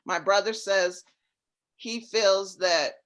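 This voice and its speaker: A woman on a coaching call, talking in a laid-back, fairly monotone way about her trouble closing deals. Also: takes it slowly. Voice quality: even, fairly monotone delivery. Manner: laid-back, relaxed and low-key. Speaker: real estate syndicator seeking coaching.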